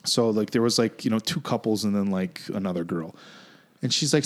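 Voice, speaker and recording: A man in his thirties co-hosting a casual podcast, telling a story in an animated, profane way, restarting often and jumping up in pitch when he quotes himself. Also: quick pace. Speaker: podcast co-host.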